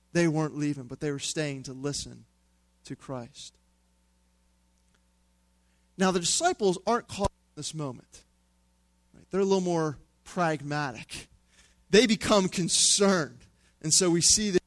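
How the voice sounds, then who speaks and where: Male pastor giving a sermon. His voice sits high and comes across clear and close, with a dry, dead sound. He talks in a conversational, humorous way and drops to a hushed tone for emphasis. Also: no echo.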